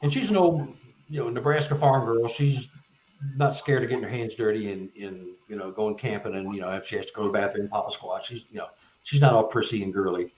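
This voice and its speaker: A man, a guest author on a live interview, telling personal stories with halting restarts and growing animation. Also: on the low side, echoey room, low-quality recording. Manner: halting, stuttered restarts, animated when retelling events. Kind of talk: casual storytelling in a live interview.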